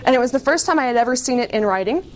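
A woman's voice: on the high side, animated, very fast, slight background noise. A woman giving a casual personal testimony to an audience, candid and chatty, full of "like" and small laughs at herself.

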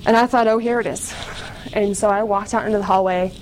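A woman's voice: medium pitch, steady tone, fairly quick, a little mellow, slight background noise. A woman giving a casual personal testimony to an audience, candid and chatty, full of "like" and small laughs at herself.

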